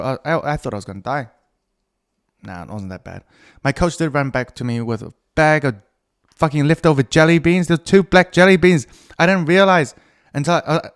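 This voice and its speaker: A middle-aged man hosting a podcast by himself, drifting from topic to topic. He swears freely and jokes at his own expense. His voice sits at an ordinary male pitch. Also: clean tone. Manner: profane, rambling, self-mocking. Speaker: podcast host. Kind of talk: casual solo podcast monologue.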